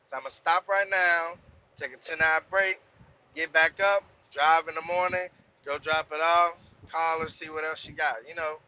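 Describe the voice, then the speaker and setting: Cussing trucker guy ranting about his job, really bright voice, kinda muffled lo-fi sound. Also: a little high, normal speed, smooth. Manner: profane, animated, heated when quoting himself. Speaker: truck driver vlogger. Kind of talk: casual storytelling rant.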